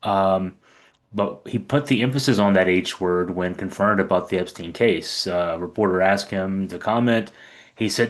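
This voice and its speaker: A man's voice: low-pitched, normal speed. A middle-aged man giving casual political commentary, chatty and sarcastic, with many fillers.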